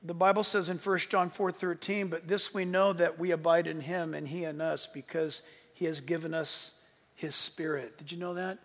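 A man in his sixties preaching a sermon and telling his story earnestly, his voice swinging from hushed to emphatic. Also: a little high, steady tone, normal speed, long reverb tail. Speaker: pastor.

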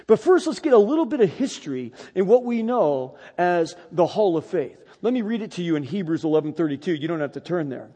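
A middle-aged man preaching a sermon, telling a personal story with animated, emphatic delivery. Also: sits high, fairly quick, few pauses, in a large hall. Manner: animated storytelling, rising to loud emphatic peaks.

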